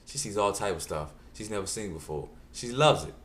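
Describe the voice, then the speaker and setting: A man telling a stand-up story in an animated, punchy way, with exasperated asides. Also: fairly low pitch, brisk. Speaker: comedian.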